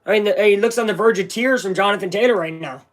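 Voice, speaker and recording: A young man calling a football game live for his viewers as an excited fan, talking straight to his audience. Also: sits high, quick pace. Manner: hyped, talks straight to viewers. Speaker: fan streamer doing live play-by-play.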